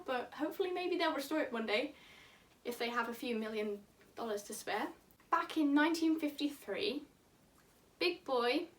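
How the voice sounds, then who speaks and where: A woman with a high voice speaks in an animated, chatty infodump, now and then laughing mid-sentence. She sits a little away from the mic. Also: recorded from a distance. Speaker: vlogger. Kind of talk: enthusiastic casual infodump.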